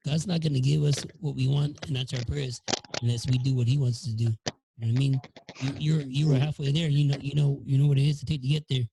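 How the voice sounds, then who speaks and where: A man hosting a podcast, talking casually and preachily about faith in a gravelly, husky voice. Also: mid-range voice, steady tone, quick pace, background noise. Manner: preachy, encouraging. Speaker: podcast host.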